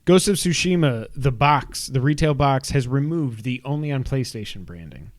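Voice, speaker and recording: A young man co-hosting a casual gaming podcast, running through news items with quick asides. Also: mid-range voice, animated, no echo.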